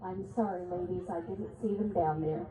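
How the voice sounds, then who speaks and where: A woman announcing results and reading rules over an arena PA at a horseback event, measured and deliberate, apologizing when she stumbles over names. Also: fairly low pitch, steady tone. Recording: echoey arena PA, phone-thin, noisy.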